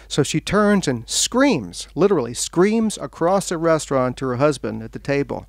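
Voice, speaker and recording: A man giving an author talk at a bookstore, telling a lively anecdote to an audience and laughing along with it. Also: a little high, moderate pace, creaky, hardly any pauses, no echo. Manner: animated anecdote-telling, laughing at his own story. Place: bookstore event room.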